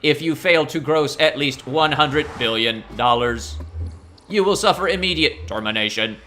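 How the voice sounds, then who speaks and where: A man's voice: on the high side, moderate pace, a little hiss or hum. A man doing a cold, commanding corporate robot. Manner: flat mechanical decrees.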